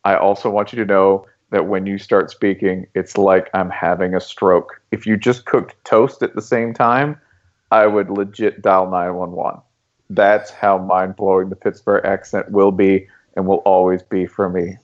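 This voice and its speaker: Low-voiced man with a light Southern accent. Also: a little slow, lo-fi sound. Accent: light Tennessee Southern. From Tennessee. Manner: laughs often, animated when joking. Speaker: podcast host. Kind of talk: casual chat.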